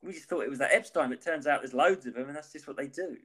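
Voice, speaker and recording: A man's voice: fairly high pitch, rapid-fire, a bit bright, husky. A man co-hosting a podcast, chatting casually in a rambling way and swearing freely. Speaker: podcast co-host. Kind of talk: casual chat.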